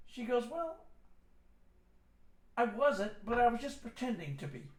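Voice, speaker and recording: A man's voice: extremely high pitch, very animated, a little slow, echoey room, voice pushed up, full character voice. A man putting on the voice of his mischievous mother, a dry prankster. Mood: deadpan teasing.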